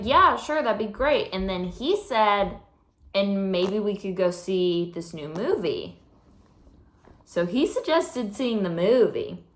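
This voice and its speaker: A woman's voice: medium pitch, a little mellow, roomy sound, a little hiss or hum. A teenage girl vlogging casually in her room, telling a story with lots of fillers while she works on something. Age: teens. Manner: chatty storytelling with many fillers. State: slightly out of breath. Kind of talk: casual vlog chat.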